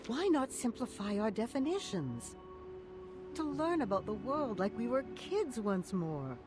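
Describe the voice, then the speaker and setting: A woman's voice: fairly high pitch, sing-song, measured pace, music in the background. An actress voicing a philosophical woman in a game, questioning truth and fixed rules. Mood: musing. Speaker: game character. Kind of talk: game voice acting.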